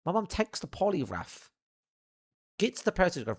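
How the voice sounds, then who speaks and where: A young man telling a funny childhood anecdote in an animated, profane, theatrical way. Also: fairly high pitch, moderate pace, pauses often, slightly rough. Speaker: storyteller. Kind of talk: comedic anecdote.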